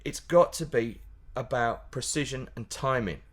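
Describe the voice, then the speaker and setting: A man chats as a guest in a relaxed interview, lively and quick to laugh. He keeps tripping into restarts and side comments, and his voice sits at an ordinary middle pitch. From Yorkshire, England. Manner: animated, laughing, many restarts. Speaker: pantomime comedian guest. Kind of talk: casual interview chat.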